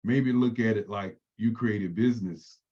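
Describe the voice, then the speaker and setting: A man joins a group discussion to offer measured advice, pausing and restarting as he goes. His voice is fairly low, and the audio comes through dull and muffled. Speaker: workshop participant.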